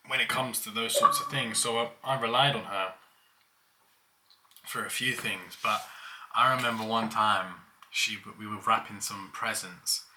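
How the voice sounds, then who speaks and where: A man's voice: fairly low pitch, pushed and bright. A young man casually telling childhood stories, laughing as he goes. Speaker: vlogger. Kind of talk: casual storytelling.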